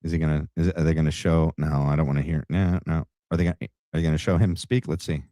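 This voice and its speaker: A man's voice: very deep voice, fairly even intonation, fast talker, mellow, no room sound, studio quality. A man hosting a casual reaction commentary show, talking in a sarcastic, rambling, mocking way.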